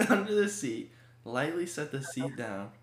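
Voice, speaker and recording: A man in casual conversation recounts a crude grade-school prank. He talks in a relaxed way and keeps breaking into laughter. His voice sits at a plain middle pitch. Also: measured pace, a little hiss or hum. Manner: laughing, laid-back anecdote telling. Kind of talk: casual storytelling chat.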